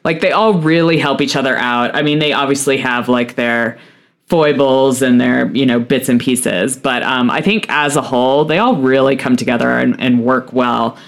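A man's voice: mid-range voice, steady tone, moderate pace, a bit bright. A man co-hosting a podcast, chatting easily with lots of "like" fillers and wry asides. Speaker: podcast co-host. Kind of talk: casual chat.

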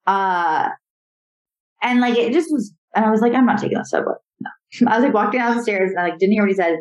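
A fast-talking young woman with a medium-pitched voice appears as a comedian guest on a video call. She chats casually, her stories wandering and full of fillers.

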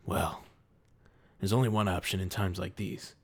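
A man's voice: deep voice, fairly even intonation, moderate pace, slightly rough. A man playing a dutiful 1940s private detective in a tabletop game, speaking solemnly.

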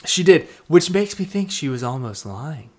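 A man's voice: fairly high pitch, sing-song, moderate pace, a little mellow. A man co-hosting a podcast in casual chat, telling a story animatedly and acting out quotes with swearing. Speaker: podcast co-host.

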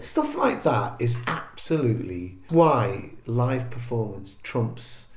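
A man from Liverpool, a comedian, chatting casually and telling lively stories about gigs. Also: mid-range voice, takes it slowly. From Liverpool, England. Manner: animated storyteller, acts out heckles in quoted voices. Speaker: comedian guest. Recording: echoey room.

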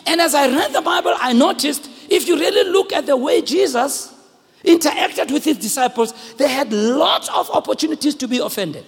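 South African man preaching in a reverberant church hall, high lively voice with a gravelly edge, playful and fervent. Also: normal speed. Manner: animated, shouts at peaks, joking with the congregation. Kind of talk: sermon. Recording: long echoing hall reverb.

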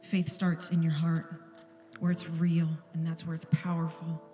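Woman pastor preaching, earnest and close, goes quiet sometimes, echoey church, soft music. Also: low-pitched, completely flat delivery, a little slow. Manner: earnest and intimate, drops to a whisper at times. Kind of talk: sermon. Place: church sanctuary.

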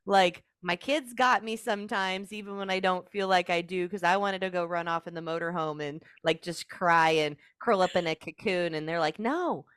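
Smooth-voiced earnest woman guest. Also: on the low side, fairly even intonation, normal speed, hardly any pauses, fairly bright tone, no room sound, studio quality. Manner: earnest and heartfelt, with many "like" fillers. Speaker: podcast guest. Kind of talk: emotional personal storytelling.

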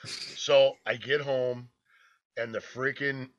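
A man's voice: medium pitch, little pitch movement, slow pace. A man co-hosting a podcast, telling a story in a rambling, casual way, swearing freely and laughing as he goes. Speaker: podcast co-host. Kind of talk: casual storytelling among friends. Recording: dull lo-fi podcast audio.

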